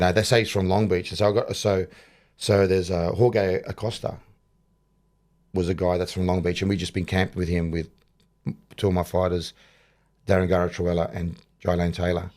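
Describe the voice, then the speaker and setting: Man, Australian accent, middle-aged, lowish voice, boxing coach, rambling interview chat, repeats words. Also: little pitch movement, normal speed, darkish tone.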